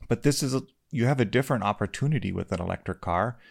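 A man's voice: lowish voice, animated, fast talker, gravelly, husky. A man co-hosting a casual podcast with his wife, talking in an easygoing, rambling way with lots of fillers. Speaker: podcast co-host. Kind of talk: casual chat.

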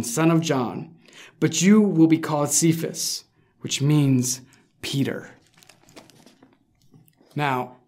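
A pastor giving an informal, conversational sermon who tells the story in an everyday way and acts out the lines of the people in it. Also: mid-range voice.

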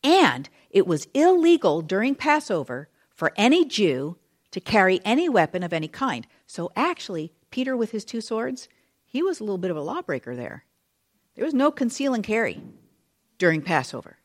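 Animated woman teaching a Bible study. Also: medium pitch, moderate pace. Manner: chatty, conversational asides; expressive, animated retelling.

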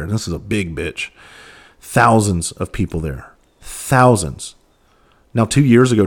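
Guy w a lowish voice just talking straight on his podcast, earnest, cusses a lot. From Southern United States. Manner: candid, earnest, swears freely. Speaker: podcast host. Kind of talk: casual storytelling monologue.

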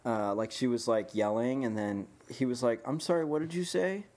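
A man in an easygoing podcast chat, recounting a night out with lively energy. He laughs often through his own story and swears freely, his voice sitting at an ordinary middle pitch. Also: moderate pace. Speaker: podcast co-host. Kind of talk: casual chat.

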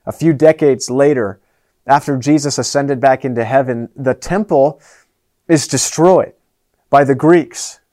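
A man preaching a sermon as pastor, earnest, moving between raised and hushed delivery. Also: mid-range voice.

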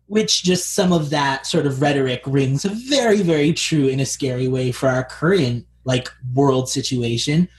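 A man's voice: mid-range voice, moderate pace, few pauses. A man co-hosting a podcast, chatting casually about a TV series, peppering his talk with fillers. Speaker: podcast co-host.

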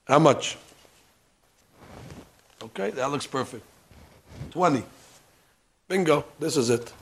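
A man teaching a hands-on religious lesson, animated and joking, dropping Hebrew terms as he demonstrates. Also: a little high, slow. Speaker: rabbi teaching. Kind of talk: demonstration lesson on ritual practice. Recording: archival lesson recording.

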